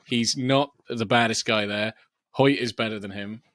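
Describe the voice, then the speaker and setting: A man's voice: lowish voice, normal speed, no echo, clean studio sound. Casual man chatting about films. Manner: animated, quotes film lines with laughter. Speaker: podcast co-host. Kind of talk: casual film discussion.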